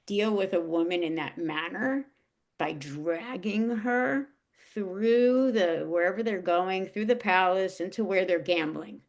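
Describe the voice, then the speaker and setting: A woman telling an emotional personal story in a casual, halting way, with many restarts and fillers. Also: lowish voice, vocal fry. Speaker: guest.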